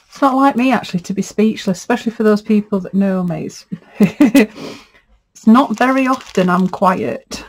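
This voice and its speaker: Chatty middle-aged woman, crafter vlogging, warm gushing delivery, mid-pitched. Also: normal speed. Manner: chatty, gushing and easily moved. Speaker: textile artist. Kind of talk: casual unboxing chat.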